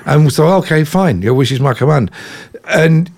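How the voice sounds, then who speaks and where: Gravelly English man telling rock stories. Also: fairly high pitch, moderate pace. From England. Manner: chatty, animated anecdotes full of "you know". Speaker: rock musician guest. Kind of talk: casual interview storytelling.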